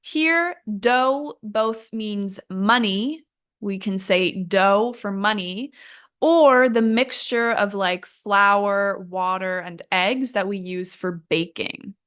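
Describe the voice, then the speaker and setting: A woman's voice: mid-range voice, slow pace, a bit bright, clear, resonant tone. A young woman teaching an English lesson in a casual, chatty way, laughing at herself and using lots of fillers.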